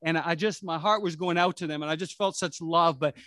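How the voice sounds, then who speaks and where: A man's voice: on the high side, steady tone, fairly quick, fairly bright tone, no room sound. A middle-aged man preaching a sermon as pastor, conversational and rambling, with restarts and asides.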